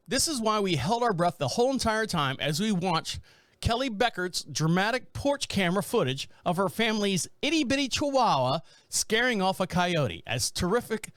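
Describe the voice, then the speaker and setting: A man's voice: high voice, dry recording. A man hosting a podcast, talking casually and laughing often as he comments on a video clip. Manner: animated, laughs often, chatty with fillers. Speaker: podcast host.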